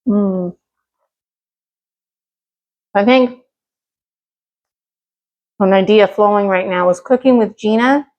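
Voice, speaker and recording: Brief Middle-aged woman, home cooking vlogger, relaxed rambling chat full of ums and likes, mid-pitched voice. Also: takes it slowly, long pauses. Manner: rambling, chatty, many fillers. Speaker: cooking vlog host.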